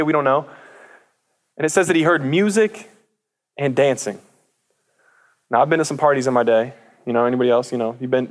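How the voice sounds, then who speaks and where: Delivering a sermon, a man recounts a parable in a lively, casual style, using slang, stammering into frequent restarts, and voicing each character. His pitch is a little high.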